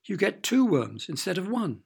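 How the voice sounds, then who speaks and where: A man narrating a children's storybook with expressive, playful sound effects. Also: high-pitched, moderate pace, creaky, breathy edge.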